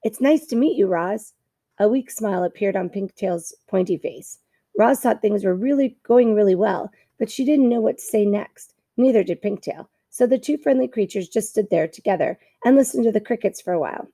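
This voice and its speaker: Woman reading a kids book out loud, gravelly low-ish texture, kinda dark mellow tone, little slips here and there. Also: brisk, no echo, studio quality. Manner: steady storytelling, slight stumbles. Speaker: reader. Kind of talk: reading a children's novel aloud.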